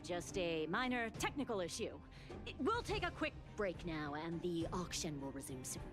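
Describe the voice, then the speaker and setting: An actress playing a polished auctioneer who announces items in a formal way. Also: female voice, lowish voice, very animated, normal speed. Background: game music.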